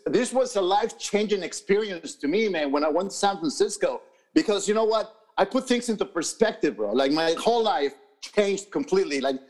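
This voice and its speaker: A man co-hosting a podcast in casual, profane chat, rambling with many fillers and restarts. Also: high-pitched. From New York. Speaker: podcast co-host. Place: podcast studio.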